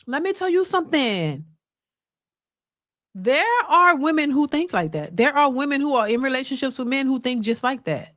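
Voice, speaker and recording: A woman hosts a live reaction stream, reading viewer messages aloud and reacting with big exclamations. Her voice sits fairly high and she talks straight to her audience. The sound is dry and close. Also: lively intonation, fairly quick, few pauses, fairly bright tone, no room sound.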